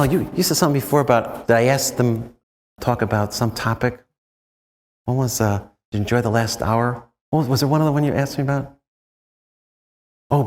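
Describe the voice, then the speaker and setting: A Jesuit priest giving a rambling, chuckling retreat talk, telling anecdotes and asking the group questions. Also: male voice, mid-range voice. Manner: rambling, chuckling storyteller who asks the audience questions. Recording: long reverb in a large room.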